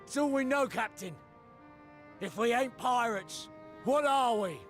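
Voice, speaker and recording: Game casting: earnest pirate deckhand, high and pleading. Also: male voice, measured pace, a bit bright, faint music behind.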